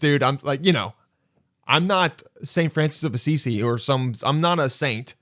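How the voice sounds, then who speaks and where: A man at a middle pitch tells a story on his own podcast, animated and self-mocking, with casual swearing. His voice is close and dry, with no room sound around it. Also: moderate pace, dry recording. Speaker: podcast host.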